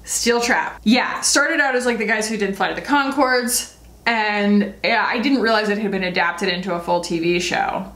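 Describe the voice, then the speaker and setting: A woman's voice: mid-range voice, moderate pace, a bit bright. Chatty woman vlogger in a roomy space. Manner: chatty, rambling, self-deprecating. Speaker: beauty vlogger. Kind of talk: casual monthly favorites chat. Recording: roomy echo.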